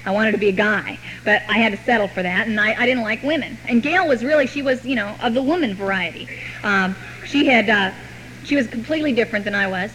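A woman telling her own recovery story to a meeting, with wry, deadpan humor. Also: fairly high pitch, fast, a little hiss or hum, rough recording. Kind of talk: personal recovery story told to an audience.

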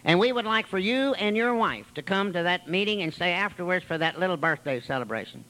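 A man quoting a calm, earnest sober woman in a level, matter-of-fact way, in his own high voice. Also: a little fast, low-quality recording.

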